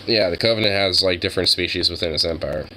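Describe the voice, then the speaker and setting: A man's voice: quick pace, bright, forceful tone, slight background noise, poor audio. A young man streaming, chatting casually and crudely in a rambling way. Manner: rambling, crude, jumps to a high baby voice with his dog. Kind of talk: casual chat.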